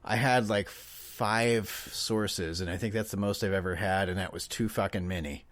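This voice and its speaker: A man's voice: low voice, moderate pace, fairly bright tone. A man in his thirties co-hosting a casual podcast, rambling and self-deprecating, laughing often. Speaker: podcast co-host. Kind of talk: casual chat.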